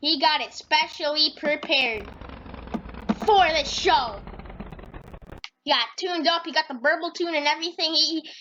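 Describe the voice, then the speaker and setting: A woman's voice: high-pitched, bright, forceful tone. A woman narrating a comedy game video in a rambling, hyped, slangy way. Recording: noisy with engine sounds.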